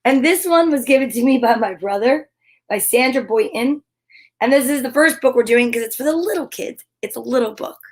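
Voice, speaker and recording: A woman hosting a children's story time, talking in an upbeat, gentle, affirming way. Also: on the high side, fairly quick, poor audio. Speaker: host reading children's books.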